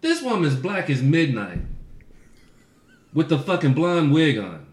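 Man, podcast co-host, casual storytelling, profane, laughing, lively pitch, roomy echo. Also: a little slow. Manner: profane, laughs often through his stories.

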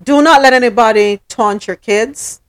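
A woman's voice: on the high side, moderate pace. A woman hosting a casual talk show, venting her frustration, apologizing to her listeners and speaking emphatically. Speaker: podcast host.

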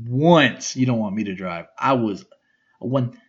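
A young man telling a rambling, profane story in a casual, animated way, often doing impressions of other people. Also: mid-range voice, measured pace, slightly rough, highs cut off. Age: young adult.

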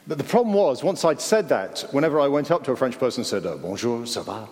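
A man's voice: fairly high pitch, very animated, fast talker, darkish tone, in a large hall. An English man preaching a sermon, telling stories animatedly and acting out the voices he quotes. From England.

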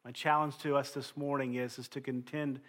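A male pastor preaches an earnest sermon, reading scripture aloud. His voice sits at an ordinary middle pitch, and he lets many phrases fall away softly at the end. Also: little pitch movement, a little fast.

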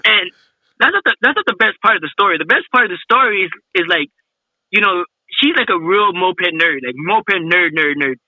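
A man's voice: sits high, expressive, normal speed, pushed and bright, no echo, highs cut off. A man telling a funny story in casual chat, laughing a lot, slangy and swearing often.

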